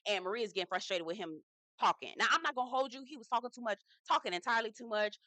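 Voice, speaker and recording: A woman's voice: fairly high pitch, expressive, fast, bright, forceful tone, no echo. A young woman giving a sassy, blunt, swearing recap of a reality TV episode. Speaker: TV recap reviewer.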